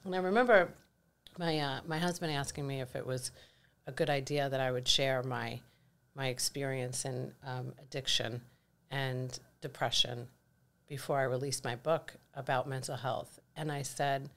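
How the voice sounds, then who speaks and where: A woman's voice: a bass voice, fairly even intonation, normal speed. A middle-aged woman co-hosting a podcast, talking candidly and reflectively in casual chat. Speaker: podcast co-host.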